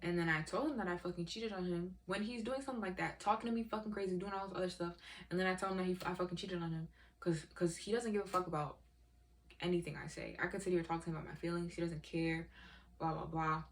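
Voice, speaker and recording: A woman's voice: fairly low pitch, steady tone, fast talker, slight background noise. A woman ranting in a vlog, profane, heated and exasperated as she tells her story. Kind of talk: emotional rant vlog.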